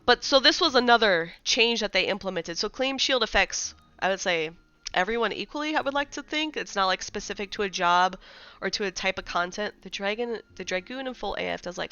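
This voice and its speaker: A woman's voice: medium pitch, a little fast, gravelly, bright, forceful tone, smooth, dry recording, muffled recording. A woman streaming live, chatting casually about game updates and greeting viewers in chat.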